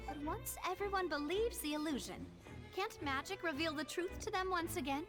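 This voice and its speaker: A woman's voice: extremely high pitch, lively intonation, normal speed, fairly bright tone, faint music behind. An actress voicing a confident, playful young woman in a video game, speaking in a coaxing, theatrical way.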